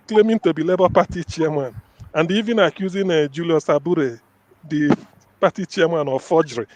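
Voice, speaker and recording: A man's voice: on the high side, moderate pace, background noise. A man giving his closing statement in a casual discussion, repeating words for stress. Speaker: caller giving a final statement.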